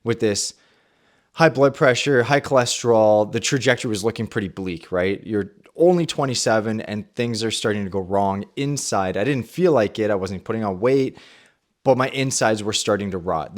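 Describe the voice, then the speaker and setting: Man telling his story with lively ups and downs. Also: fairly low pitch, normal speed. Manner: animated storytelling, acts out his own past thoughts. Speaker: podcast host. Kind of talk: personal testimony and Bible talk.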